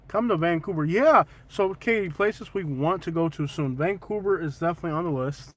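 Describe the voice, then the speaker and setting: Man, slightly high voice, teasing livestream host with loud outbursts. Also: fairly quick, few pauses. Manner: joking, teasing, with loud excited bursts. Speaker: vlog host. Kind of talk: casual livestream chat.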